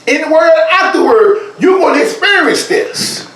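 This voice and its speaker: Emphatic, high-voiced male Bible teacher. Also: very animated, moderate pace, fairly bright tone, echoey room, recorded from a distance, a little hiss or hum, rough recording. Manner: emphatic, colloquial, addresses listeners directly. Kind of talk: conversational teaching from slides.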